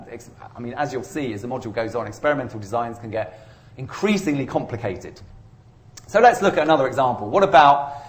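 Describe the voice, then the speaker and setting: A man giving a university statistics lecture in a chatty, rambling way with self-deprecating humour. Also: medium pitch. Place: lecture room.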